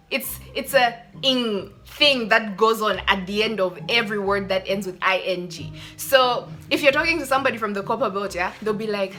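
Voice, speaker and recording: Woman in her twenties, sit-down vlog on a phone camera, bright, a bit high, faint music behind. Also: normal speed. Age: 20s. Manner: animated, laughing, mimics others. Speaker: YouTuber.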